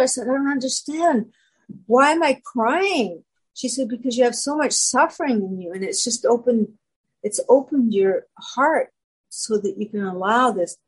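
A woman guest telling her personal story in casual talk, animated and acting out quoted voices. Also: on the high side, husky, low-quality recording.

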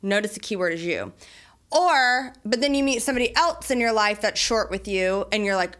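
A young adult woman hosting a solo podcast, talking in a chatty, animated way about faith and everyday life. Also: medium pitch, moderate pace. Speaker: podcast host. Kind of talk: casual solo podcast talk.

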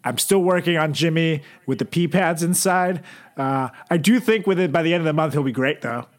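A man co-hosting a comedy podcast, rambling in a deadpan, sarcastic way with lots of restarts. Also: a little high, brisk. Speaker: podcast co-host.

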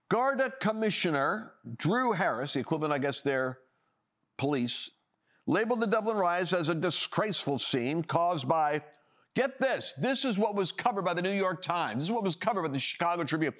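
A man's voice: sits high, lively intonation, fairly quick, fairly bright tone. A man hosting a political talk show, delivering opinionated commentary with emphatic, sarcastic emphasis and frequent restarts.

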